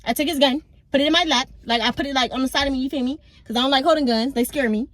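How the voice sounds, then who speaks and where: A woman's voice: high-pitched, racing, fairly bright tone, low-quality recording. Slangy young woman telling stories. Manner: candid, slangy, rambling storyteller with filler words. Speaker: vlogger. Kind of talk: casual story-time vlog.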